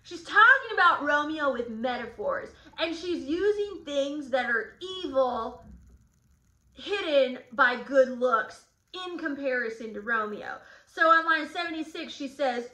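A woman's voice: sits high, lively intonation, a little slow, pushed and bright. A woman teacher leading a casual guided reading lesson, chatty with sardonic asides. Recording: roomy echo.

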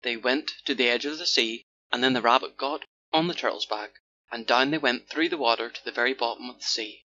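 A man narrating a children's fairy tale in a steady, measured storytelling manner, in a dull lo-fi recording with faint hiss. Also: medium pitch. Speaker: audiobook narrator.

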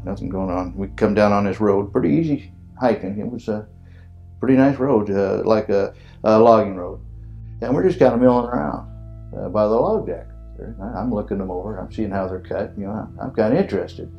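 Older vet, low gravelly voice, does the gunfire sounds himself, quiet guitar behind. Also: male voice, brisk. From United States. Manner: animated storyteller, acts out sounds and voices. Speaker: veteran telling war story. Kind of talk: oral history interview.

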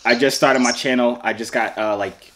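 A man's voice: medium pitch, steady tone, moderate pace, a bit bright. A young man from Arkansas, joking around with strangers on a phone video chat. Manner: playful, joking, teasing. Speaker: YouTuber.

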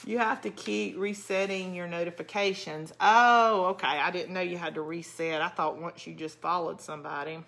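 A woman's voice: fairly low pitch, steady tone, a little fast, gravelly, few pauses, fairly bright tone. A middle-aged woman with a South Georgia accent, chatting casually with viewers while she crafts and answers their comments. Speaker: craft channel host. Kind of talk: casual live craft chat.

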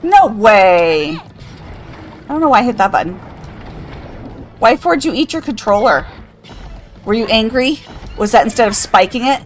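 A woman's voice: a little high, animated, normal speed, pauses often, a little hiss or hum. An older woman streaming a game, chatting casually, reading out chat and laughing often. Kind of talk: casual live-stream chat while gaming.

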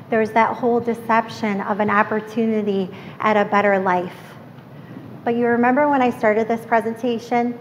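A woman with a somewhat high voice delivers a keynote to a live audience. She is earnest and emphatic, pausing to ask the room questions. The sound carries a long hall reverb with faint background noise. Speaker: keynote speaker.

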